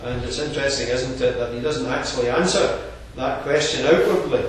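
This is a man preaching an expository sermon, measured and earnest, taking the text one point at a time. His pitch is everyday, and a strong echo surrounds him, suggesting a distant recording in a big hall with faint background room noise.

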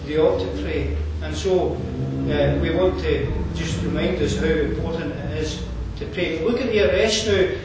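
A man with a Scottish accent preaching a sermon, conversational and digressive, often pausing with fillers and restarting his sentences. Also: a little high, vocal fry, noisy background. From Scotland. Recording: echoey room from far off, faint ambience.

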